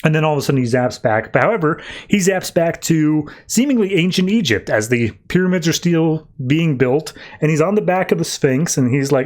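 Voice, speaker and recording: A man's voice: on the high side, expressive, a little mellow. Man casually recapping a comic book. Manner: retells scenes with quick quoted voices. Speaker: podcast host.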